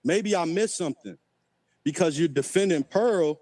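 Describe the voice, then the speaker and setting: A man's voice: on the high side, moderate pace, crowd noise. An older man calling in to a show, talking aggressively and swearing. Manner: aggressive, profane. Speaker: caller. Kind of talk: angry call-in rant.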